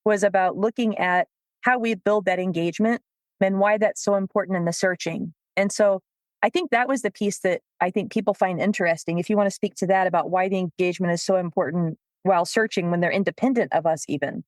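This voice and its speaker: A woman co-hosts a podcast with a dry, close sound and a mid-range pitch. She works as a dog trainer and tells her stories with lively energy, laughing often as she goes. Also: brisk, no room sound. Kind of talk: casual podcast chat.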